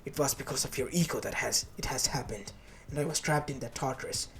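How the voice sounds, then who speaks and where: A man's voice: medium pitch, a little fast, fairly bright tone, a little hiss or hum, natural voice. A man voicing a remorseful male king of the gods in a fan story, with an earnest, apologetic manner and faint lofi music behind.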